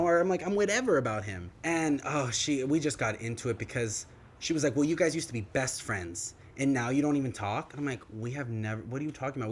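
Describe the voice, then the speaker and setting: A young man co-hosting a podcast, telling a story in casual chat and acting out the quoted lines of others. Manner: animated, acts out quoted dialogue with big pitch swings. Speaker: podcast co-host. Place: podcast studio.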